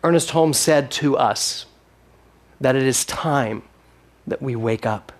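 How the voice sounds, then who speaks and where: A man's voice: mid-range voice, slow. A man preaching a sermon as minister of his spiritual center, with emphatic rising lines and playful asides.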